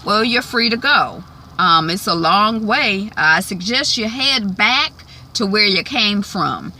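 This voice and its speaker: A woman voicing a gruff, unwelcoming old male rancher with a dismissive drawl. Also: medium pitch, lively intonation, slow, sharp tone, slight background noise, heavily acted.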